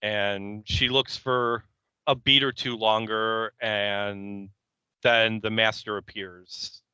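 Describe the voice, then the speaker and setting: A man co-hosting a podcast, talking in a wry, deadpan way with mock-formal phrasing. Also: on the low side, takes it slowly, clean tone, no echo, highs cut off. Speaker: podcast co-host. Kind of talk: casual chat.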